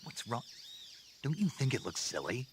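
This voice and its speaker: An actor voicing a gruff, terse veteran soldier spy in a video game. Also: male voice, medium pitch, very animated, moderate pace, a little hiss or hum, close to an everyday voice. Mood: puzzled. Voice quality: gravelly, terse. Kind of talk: game voice acting. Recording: game audio under loud ambience.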